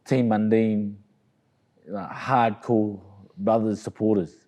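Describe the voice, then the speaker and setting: Laid-back Australian man, low mellow voice. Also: fairly even intonation, slow, muffled recording. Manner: rambling, repeats "you know what I mean". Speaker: interview guest, boxer. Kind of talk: casual storytelling.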